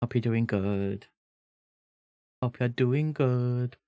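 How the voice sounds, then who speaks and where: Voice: mid-range voice, slow pace, dark tone, clean tone, dry recording. A streamer, chatting casually and playfully with live viewers while drawing, reading chat aloud and swearing now and then. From England (grew up in Leeds). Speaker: art streamer.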